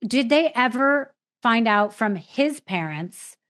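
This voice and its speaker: A woman's voice: a little high, animated, slow, fairly bright tone. A woman hosting a podcast interview, jumping in eagerly with questions and reactions. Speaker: podcast host.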